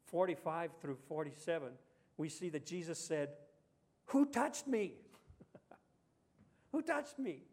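Male pastor, slightly raised pitch; conversational sermon with rhetorical questions and voiced quotes. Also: darkish tone.

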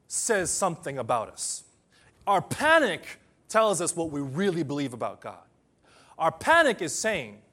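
Male pastor, fairly high voice, animated sermon delivery with loud peaks and hushed asides. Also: normal speed. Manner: animated, swings between loud emphasis and soft asides.

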